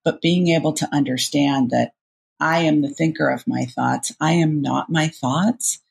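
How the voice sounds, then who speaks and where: A middle-aged woman coach with a gravelly, creaky edge to her voice explains ideas in a podcast interview. She talks with animated energy and acts out little inner voices as she goes. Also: deep voice, measured pace. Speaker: cognitive behavioral coach, guest.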